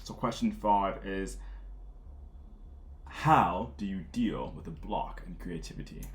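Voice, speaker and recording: Low-voiced jokey male host. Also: slow. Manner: chatty, laughs often, jokey. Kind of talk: casual chat. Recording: echoey room with faint background music.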